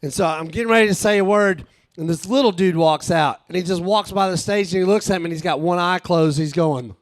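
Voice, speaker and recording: A man, telling a profane, animated stand-up story at a live show. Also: high-pitched, brisk, no room sound. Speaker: stand-up comedian. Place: live show with a small audience.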